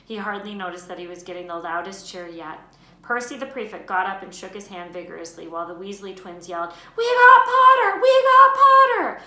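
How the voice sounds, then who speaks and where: Bright-voiced woman reading a story aloud. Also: on the low side, fast talker. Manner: expressive, lifts her voice for names and shouts. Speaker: teacher. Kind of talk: children's book read-aloud. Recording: roomy room echo, faint noise.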